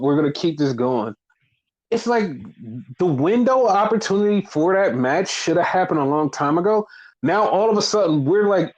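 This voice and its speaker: A fairly high-voiced man chatting about wrestling with a wildly swinging pitch, acting out every line he quotes and swearing freely. The podcast recording is dull and lo-fi. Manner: animated storytelling, acts out quotes, swears a lot. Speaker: podcast co-host. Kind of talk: casual wrestling recap chat.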